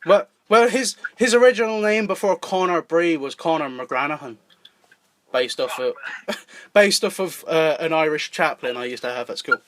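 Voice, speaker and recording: A slightly high-voiced Englishman hosting a casual podcast. He swears freely, laughs a lot and slips into acted dialogue while walking through his script. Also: lively intonation, normal speed, a bit bright. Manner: sweary, laughs often, acts out lines. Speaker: podcast host and writer. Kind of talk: casual chat, reading a script outline.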